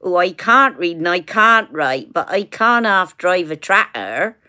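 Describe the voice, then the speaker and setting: A woman's voice: fairly low pitch, very animated, unhurried, bright, forceful tone, heavily acted. A woman putting on a broad Somerset accent to voice a simple, boastful rustic farmhand. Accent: Somerset, put on.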